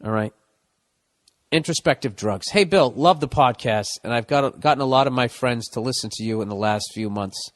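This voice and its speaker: A man's voice: medium pitch, moderate pace. A man hosting a podcast, reading listener mail and riffing in a blunt, profane, jokey way. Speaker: podcast host.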